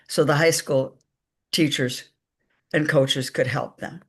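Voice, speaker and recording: Gravelly-voiced woman telling stories slowly. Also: low voice. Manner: slow, emphatic storytelling with quoted dialogue. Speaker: psychic medium guest. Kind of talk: storytelling in a live conversation.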